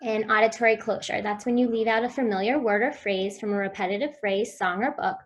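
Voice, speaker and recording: Woman, mid-pitched, clear instructive presenter for a virtual conference talk. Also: a little fast. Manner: clear instructive delivery, models sounds for children. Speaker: speech therapy presenter.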